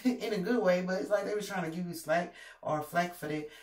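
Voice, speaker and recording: A woman giving a casual tarot reading, animated and emphatic, with plenty of profanity. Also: fairly low pitch, fast. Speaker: tarot reader. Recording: roomy, distant mic, faint noise.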